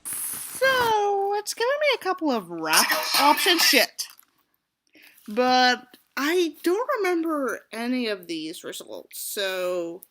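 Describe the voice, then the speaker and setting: A woman's voice: a little high, bright, forceful tone. A young woman reading a book aloud and breaking off for sarcastic, swearing asides. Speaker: audiobook reader.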